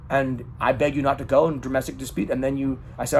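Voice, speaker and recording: A man's voice: mid-range voice, level tone, fast, creaky, hardly any pauses, a little mellow, slight background noise. A man in an emotional personal monologue, talking dramatically and swearing often. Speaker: vlogger.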